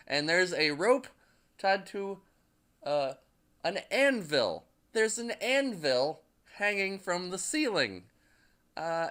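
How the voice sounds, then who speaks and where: A man's voice: a little high, sharp tone, clean tone. A young man casually recapping a movie, rambling with lots of fillers and swearing, laughing at his own jokes. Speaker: movie reviewer.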